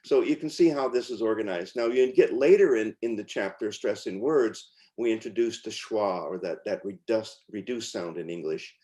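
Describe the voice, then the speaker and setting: A man demonstrating lessons on screen as a teacher. His voice sits a little low. He talks informally, with many fillers and restarts. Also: normal speed, few pauses, dark tone. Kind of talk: screen-share walkthrough.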